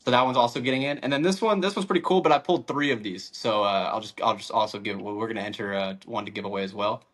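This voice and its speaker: A man's voice: on the low side, quick pace, fairly bright tone. A man hosting a podcast in casual chat, loose and laughing, with casual swearing. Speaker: podcast host.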